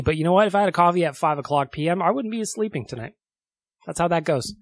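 A man's voice: on the high side, animated, quick pace, dry recording. A man hosting a solo podcast, chatty and upbeat, laughing often. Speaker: podcast host. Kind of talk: casual solo podcast talk.

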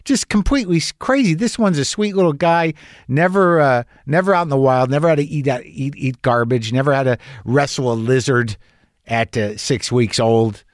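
A man's voice: medium pitch, moderate pace, no room sound, studio quality. A man telling a rambling, anxious story in a casual monologue, swearing and restarting often, as a podcast host.

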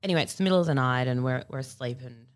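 A woman's voice: very deep voice, very fast. A woman telling a long comic story on a podcast, rambling with many fillers and laughing through her punchlines. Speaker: podcast panelist. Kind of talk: casual comedic storytelling.

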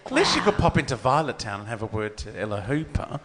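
A man's voice: medium pitch, sing-song, fast talker, a bit bright. A man in casual comedy chat, laughing and mimicking voices for a bit. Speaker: podcast co-host.

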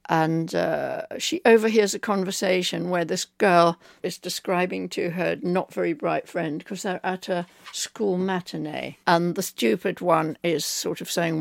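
A woman's voice: lowish voice, steady tone, unhurried, gravelly, few pauses, no echo, clean studio sound. An older woman from England, a novelist being interviewed, telling rambling anecdotes with fillers. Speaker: novelist guest. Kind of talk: conversational interview.

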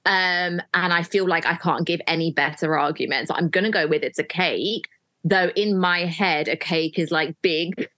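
A woman, a podcast guest chatting in a relaxed, self-deprecating way. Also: lowish voice, normal speed, dry recording. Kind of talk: casual podcast chat.

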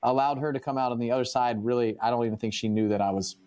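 A man's voice: mid-range voice, fairly even intonation, quick pace, a little mellow. A man speaking as a coaching client with a mid-range voice. He recounts things casually and loosely, with many fillers and asides. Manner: loose, filler-heavy storytelling. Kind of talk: casual personal account.

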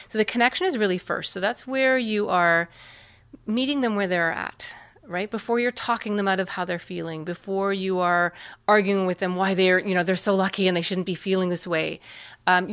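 Speaking with a mid-range voice, a female interview guest describes parenting techniques in an earnest, lively manner. She frequently performs the words of children and parents.

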